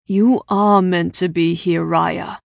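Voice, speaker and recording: A smug young prince, cool and measured, as a woman reads him. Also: fairly low pitch, fairly even intonation, creaky, dry recording, clean studio sound. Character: young male prince, smug then earnest. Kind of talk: audiobook character voice.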